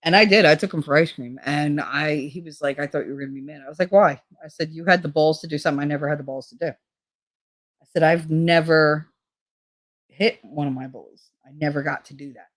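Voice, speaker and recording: A middle-aged woman from Hoboken, New Jersey, hosts a channel where she tells stories in blunt, profane, casual chat. Her voice is deep and brisk, recorded with no room sound.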